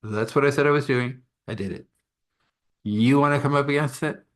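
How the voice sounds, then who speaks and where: A man's voice: medium pitch, normal speed, pitched above the performer's own voice, close to an everyday voice. A man voicing a cocky young prince with a flippant, teasing manner.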